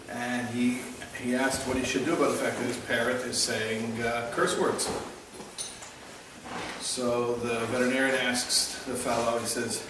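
Recorded in an echoey hall with the mic at a distance and faint ambience, a man with a mid-range voice gives an informal Torah class, and background noise is present. He may be a rabbi; he begins his talk on Jewish practice with a joke and teaches in a chatty way.

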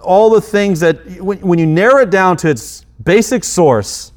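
A man's voice: sits high, unhurried, darkish tone. Conversational middle-aged male pastor preaching. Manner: conversational, self-deprecating preaching with acted asides and restarts. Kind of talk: sermon.

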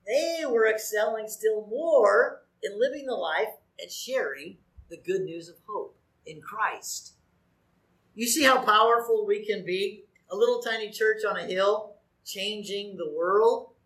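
A man's voice: high-pitched, measured pace. Man preaching in an echoey church. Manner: animated preaching with rhetorical questions to the congregation. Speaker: pastor. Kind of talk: sermon. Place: church sanctuary.

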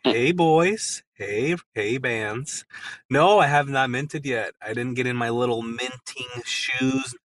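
A man's voice: mid-range voice, takes it slowly, fairly bright tone, slight background noise, rough recording. A man in a casual online audio chat, joking in a playful, laid-back way. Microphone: online audio call.

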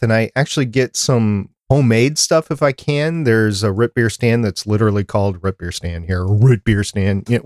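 A man's voice: mid-range voice, no echo, studio quality. A man from Minnesota hosting a fan podcast, chatty and rambling in casual talk. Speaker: podcast host.

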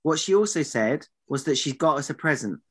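A man's voice: on the high side, expressive, brisk, husky. A man co-hosting a podcast in casual banter, teasing his partner in mock exasperation. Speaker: podcast co-host.

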